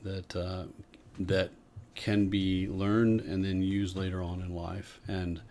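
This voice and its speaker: A man co-hosting a podcast, explaining ideas in a measured, casual way. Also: low-pitched, level tone, darkish tone, slight background noise. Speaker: podcast co-host. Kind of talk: casual conversation.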